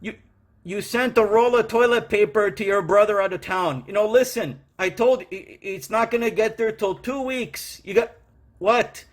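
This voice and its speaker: A man's voice: high voice, normal speed. A man playing a foul-mouthed angry courier clerk. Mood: exasperated. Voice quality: brash, swearing, ranting. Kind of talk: comedy character monologue. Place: home.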